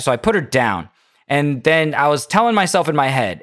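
A man's voice: fairly high pitch, a little fast, smooth. A man hosting a podcast, chatting casually and cheering on his guest before telling his own story. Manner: relaxed, encouraging interviewer. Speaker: podcast host. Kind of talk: casual chat.

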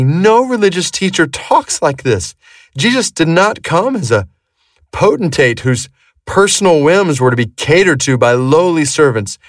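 A man's voice: medium pitch, no echo. Man, pastor, earnest devotional sermon; dry sound, a little distant from the mic. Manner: earnest, with emphatic shifts between loud and hushed. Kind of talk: devotional Bible teaching and prayer.

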